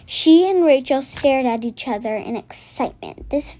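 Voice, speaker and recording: A woman hosting a story channel, reading a children's chapter book aloud slowly and carefully, with occasional slips. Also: sits high, animated, warm tone. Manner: slow, careful, some slips.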